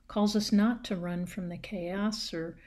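A woman preacher delivering a sermon in a measured, emphatic way with dramatic pauses. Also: medium pitch, steady tone, darkish tone.

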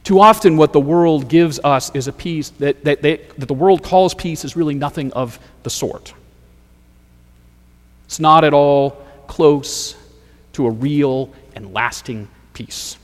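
A man preaching a sermon as pastor, measured and rhetorical, building points through repeated phrases. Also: on the high side, big-room sound.

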